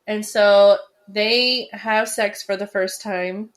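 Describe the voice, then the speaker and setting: A woman's voice: mid-range voice, measured pace, hardly any pauses. A woman co-hosting a podcast, casually recapping a horror film in a chatty way with many fillers. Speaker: podcast co-host.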